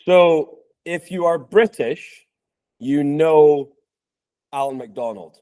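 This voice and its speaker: Podcast host, scottish man, thirties, softened accent, mellow dark voice, chatty with lots of ums. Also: fairly high pitch, slow pace. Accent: Scottish, softened by years in the US. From Scotland. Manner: chatty, with frequent ums and restarts. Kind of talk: casual interview chat.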